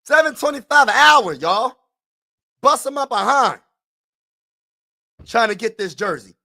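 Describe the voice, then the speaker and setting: High, bright-voiced excited fan. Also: male voice, a little slow, gravelly. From Pennsylvania. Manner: animated and emphatic, repeating phrases, sometimes shouting. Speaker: sports vlogger. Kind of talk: excited casual fan vlog.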